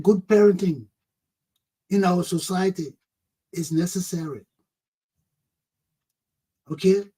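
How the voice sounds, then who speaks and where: High-voiced man telling stories with "oh, man". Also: rough recording. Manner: animated storyteller, exclaims "oh, man". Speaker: talk show host. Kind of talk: personal storytelling and teaching.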